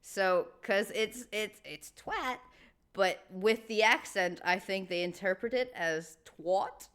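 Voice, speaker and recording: A woman's voice: mid-range voice, unhurried, a bit bright, smooth. A woman hosting a reaction video, chatting casually and animatedly with laughing asides.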